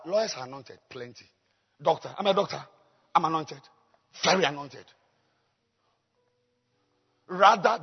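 A man preaching a sermon as a pastor, dropping to low murmurs and rising to high shouts. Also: expressive, normal speed, creaky, long pauses, husky, dull audio. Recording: long hall reverb.

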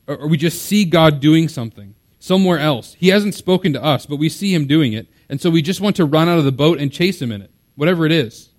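A man delivering a sermon as a pastor, his voice sitting a little higher than most men's. He talks in a loose, conversational way, explaining as he goes and leaning on casual fillers. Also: darkish tone.

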